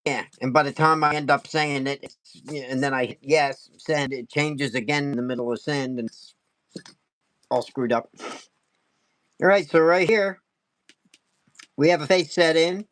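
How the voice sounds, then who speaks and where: Fast-talking, excitable male carving teacher. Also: a little high, no room sound. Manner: chatty, laughs often. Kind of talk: casual live-stream carving lesson.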